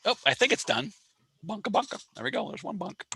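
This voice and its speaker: Hosting a casual astronomy livestream through a call mic, he wanders through his chat with a self-mocking wit. His high voice is sing-song, fast, creaky, bright, and forceful, and there's slight background noise.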